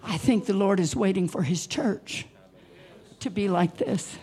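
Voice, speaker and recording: A woman's voice: medium pitch, animated, measured pace, dark tone. A woman preacher telling a personal story in a sermon, emotional and at times dropping to near whispers. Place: conference hall.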